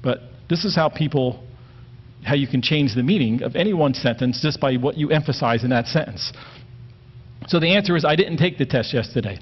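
A man giving a relaxed Bible lesson, mid-range voice, plain and direct, dull lo-fi recording. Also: mid-range voice, moderate pace, breathy edge. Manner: plain-spoken, stresses words to make points. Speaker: Bible teacher. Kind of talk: conversational Bible teaching.

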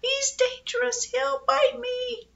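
A woman's voice: level tone, slow, creaky, bright, forceful tone, lo-fi sound, heavily acted. A woman voicing a timid young girl who shrieks and wails in panic. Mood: terrified. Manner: shrill panicky wailing.

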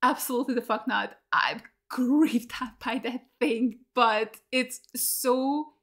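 A woman hosting a TV reaction video, excitable and swearing often. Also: fairly high pitch, slow. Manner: excitable, swears a lot, screams at jump scares. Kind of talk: casual reaction commentary.

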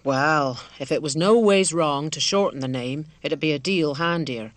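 A kindly, simple village wife from a storybook, earnest and motherly, her homely country dialect rolling out in a lowered, even voice, as a woman reads her. The sound is dry and close. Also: moderate pace, no room sound, close to an everyday voice. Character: kindly rural village wife, middle-aged, simple and devout.

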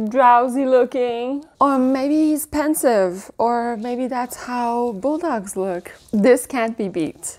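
Woman, thirties, slow gushing home vlogger with a slightly high voice. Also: a little mellow. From Canada. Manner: gushing, coos in a high baby voice at her dog and cute mugs. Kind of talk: casual show-and-tell haul.

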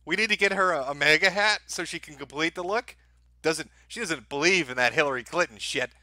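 A man's voice: on the high side, a little fast, bright, forceful tone, dry recording. A man hosting a live stream, reacting with profane, laughing, mocking commentary. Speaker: stream host.

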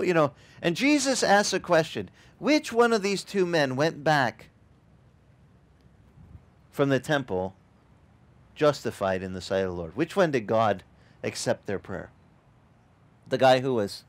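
Lively animated male pastor preaching. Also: medium pitch, moderate pace. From Sicilian family background. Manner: animated, acts out quoted voices. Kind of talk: sermon. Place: outdoor beach service.

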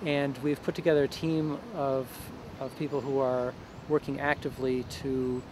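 A man's voice: mid-range voice, flat delivery, moderate pace, noisy background. A man earnestly explaining his economic reform project in an interview.

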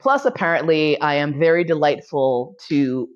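A woman lecturer telling a candid story in a frank, bawdy and animated way, laughing often. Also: low voice, moderate pace, dull audio.

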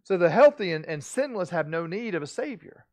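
A middle-aged man preaching from the pulpit with a slightly high-pitched voice. He speaks earnestly and emphatically, stumbling into restarts and pressing harder on key words. His delivery swells toward the lines he most wants to land. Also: very animated, a little fast, dry recording. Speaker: pastor. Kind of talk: sermon.

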